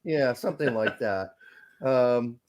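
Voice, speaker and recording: A man's voice: medium pitch, takes it slowly, a little mellow. A young man hosting a podcast, rambling energetically and joking with frequent laughs. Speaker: podcast host. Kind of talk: casual chat.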